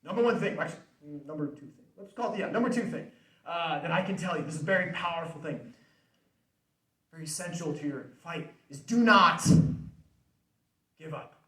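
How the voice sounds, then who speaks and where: A young man gives an earnest faith-based motivational talk, his voice pitched a little high. He talks conversationally and repeats his key points. The sound is roomy and distant, as if caught from across a hall. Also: a little fast, long pauses, sharp tone. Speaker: speaker. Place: student center hall.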